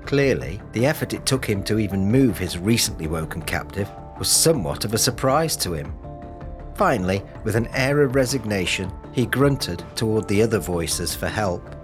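A man narrating an audiobook in a steady, measured storytelling manner, over music. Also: lowish voice. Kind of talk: scripted narration.

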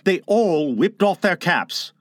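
A man reading a children's novel aloud as an audiobook narrator, with expressive delivery. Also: high-pitched, takes it slowly, dry recording, clean studio sound.

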